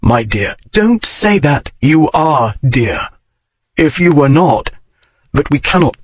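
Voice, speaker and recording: A man voicing a stern aristocratic gentleman who speaks slowly and tightly, fighting for restraint. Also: a little high, very animated, no room sound, exaggerated voice. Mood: pleading.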